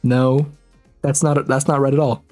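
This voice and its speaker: A man's voice: medium pitch, little pitch movement, measured pace, darkish tone, soft background music. A man streaming a video game, chatting casually and laughing at himself while reading the game text aloud. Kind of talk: casual let's-play commentary.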